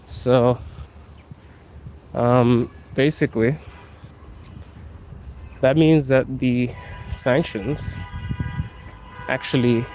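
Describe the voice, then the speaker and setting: Unhurried African man chatting on a street walk. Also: mid-range voice, darkish tone. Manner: chatty, laughs often, answers viewers' comments. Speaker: vlogger. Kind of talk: live-streamed walking vlog. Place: outdoors on city streets. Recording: noisy outdoor street recording.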